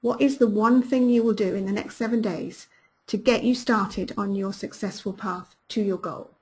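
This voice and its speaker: A woman coaching her audience through a webinar, her voice slightly husky and breathy. She sounds upbeat and encouraging and repeats her key questions to push listeners toward action. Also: mid-range voice, steady tone, a little mellow. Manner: upbeat and encouraging, quick praise words. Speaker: business coach hosting a webinar. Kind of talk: live webinar talk, reading out listener comments.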